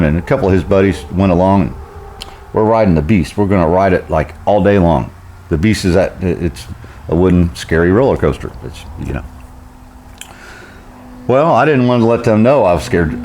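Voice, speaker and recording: Middle-aged man, very low voice, rambling folksy storyteller who chuckles a lot. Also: darkish tone. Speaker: vlogger. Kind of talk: casual storytelling.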